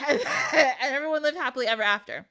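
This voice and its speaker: A young woman hosting a podcast, retelling a fairy tale in an animated, casual way, swearing freely and acting out the quotes. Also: high voice, brisk. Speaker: podcast host. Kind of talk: casual storytelling.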